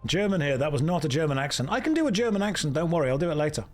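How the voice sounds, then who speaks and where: A man's voice: on the high side, sing-song, rapid-fire, soft background music. Sarcastic man streaming a game. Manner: sarcastic, jokey running commentary. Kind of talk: live game commentary.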